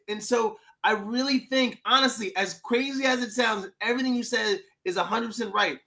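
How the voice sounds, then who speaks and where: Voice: medium pitch, normal speed, sharp tone. A podcast co-host in a casual review chat, playful and teasing.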